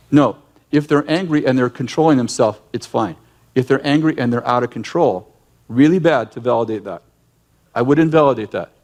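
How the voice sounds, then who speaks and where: A man leading a conversational sermon, a direct and emphatic teacher who acts out scenes from his stories and often restarts his sentences. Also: mid-range voice. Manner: animated storyteller who acts out yelling scenes. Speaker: ministry leader and teacher.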